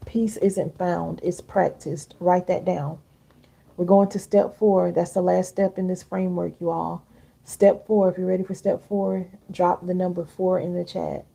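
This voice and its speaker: Gravelly, husky woman live-streamer. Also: lowish voice, mellow. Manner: chatty, reads viewer comments aloud, calls viewers baby and girl. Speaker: live-stream host and healing coach. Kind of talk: casual live-stream coaching talk.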